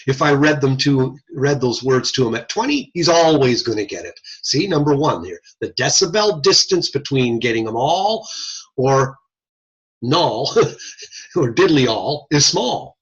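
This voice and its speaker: A man's voice: medium pitch, fairly bright tone. A man lecturing informally on audiology from his computer, repeating points and checking in with frequent "okay?". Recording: slightly husky voice, dull lo-fi audio.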